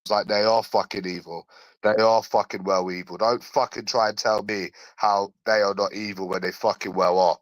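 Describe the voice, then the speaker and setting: A man's voice: lowish voice, flat delivery, moderate pace, no echo, low-quality recording. A man with a London accent ranting in a repetitive, sweary, sarcastic monologue. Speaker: vlogger.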